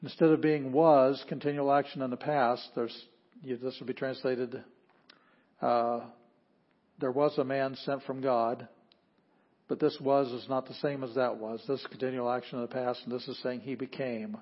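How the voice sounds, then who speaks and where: A man with a husky, slightly rough voice teaches an introductory Greek class. He explains grammar step by step and pauses to sound out each word. The recording is dull and lo-fi. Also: medium pitch, flat delivery. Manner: explanatory, stops to sound out words. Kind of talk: classroom lecture. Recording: dull lo-fi audio.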